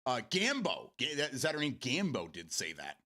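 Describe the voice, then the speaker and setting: Male host, casual home gaming talk show. Bright, animated voice. Rambling, profane and quick to laugh. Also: mid-range voice. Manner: rambling, restarts often, swears freely, laughs a lot.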